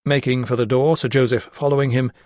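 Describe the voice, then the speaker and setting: A male narrator reading a novel in a measured, even storytelling voice. His pitch sits in an ordinary middle range. The recording is dry and close, with no room sound. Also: dry recording. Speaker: audiobook narrator. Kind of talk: scripted narration.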